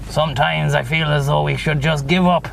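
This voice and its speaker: A man's voice: fairly high pitch, fairly even intonation, normal speed, gravelly, a bit bright, a little hiss or hum. An Irish man chatting casually and profanely while he livestreams from his car, rambling between thoughts. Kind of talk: casual chat while driving.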